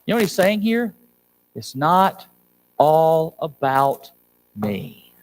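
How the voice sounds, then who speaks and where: A man's voice: fairly high pitch, big pitch swings, measured pace, pauses often, low-quality recording. A man preaching a sermon as pastor, pleading with the congregation and rising to urgent appeals. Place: church sanctuary.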